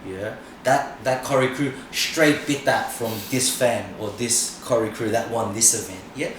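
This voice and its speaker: A man's voice: mid-range voice, fairly even intonation, unhurried. Frank man in a very echoey room. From Australia. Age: middle-aged. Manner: frank, swears freely, many "you know"s. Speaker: podcast guest, breakdancer. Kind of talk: casual chat. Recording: very echoey room, mic far off, noisy.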